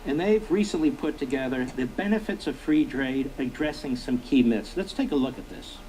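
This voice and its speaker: A man's voice: medium pitch, normal speed, a little mellow, slight background noise, poor audio. A middle-aged man hosting a political commentary monologue, emphatic and repetitive, firing rhetorical questions at his listeners. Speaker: talk show host.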